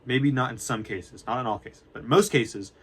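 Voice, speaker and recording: Young man, student vlogger, mid-pitched, rambling casual talk, restarts a lot, drops slang. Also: normal speed, a bit bright, slightly rough. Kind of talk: casual unscripted talk to camera.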